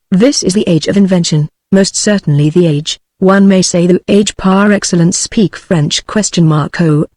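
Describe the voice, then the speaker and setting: A woman's voice: lowish voice, no echo, clean studio sound, natural voice. A text-to-speech woman's voice with a British English accent, reading out a chattering gossipy society widow. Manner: flat synthetic reading, rattles on.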